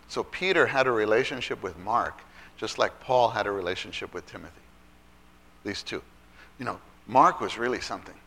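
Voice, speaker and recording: A man's voice: mid-range voice, pushed and bright. A man teaching from the Bible in a conversational way, asking the audience questions and acting out the characters' lines as he tells the stories.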